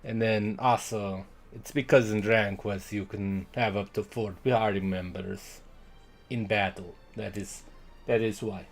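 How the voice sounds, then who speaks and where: A man with a lowish, fairly even voice streams a video game at a measured pace over soft background music. His casual talk rambles, breaking off and restarting and trailing off mid-thought. Now and then he reads the game's dialogue aloud in playful put-on accents.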